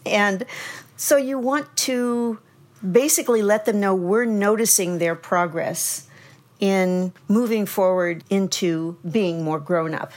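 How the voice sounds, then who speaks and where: A woman's voice: medium pitch, slow. A woman explaining child development on a parenting podcast, in an encouraging, explanatory way.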